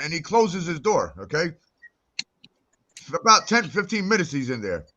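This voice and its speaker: Brief: male guest, bright, cutting voice, swearing heavily while telling a heated story. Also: fairly high pitch, moderate pace, pauses often, muffled recording. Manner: profane, heated, animated ranting. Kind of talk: casual talk-show storytelling.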